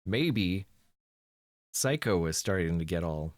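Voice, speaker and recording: Slow-talking man, low voice, congested, sardonic horror game commentary. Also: lively intonation, dry recording. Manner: sardonic, dry joking. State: congested sinuses. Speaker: let's play host.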